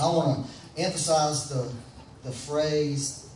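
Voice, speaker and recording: A U.S. preacher addresses his congregation in a church sanctuary, keeping it folksy and conversational and inviting them to respond. His voice is mid-range and darkish, at a normal pace. The recording sounds roomy and distant, with slight background noise.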